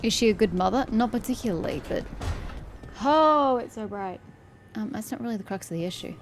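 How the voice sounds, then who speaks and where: A woman's voice: a little high, brisk, a little hiss or hum. A woman casually commentating while playing a video game. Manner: chatty, animated reactions. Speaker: gameplay streamer. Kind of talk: casual let's play commentary.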